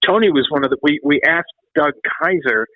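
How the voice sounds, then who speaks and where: A middle-aged man, a former metal drummer, telling long stories in a casual interview, animated and rambling, often restarting and swearing. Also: on the high side, brisk, no echo. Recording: dry, phone-like call audio.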